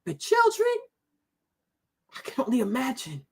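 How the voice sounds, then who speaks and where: A woman's voice: sits high, huge pitch swings, unhurried, breathy edge. A woman in her thirties hosting a vlog, giving emotional commentary, tearful at times and repeating her phrases over and over. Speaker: vlog host.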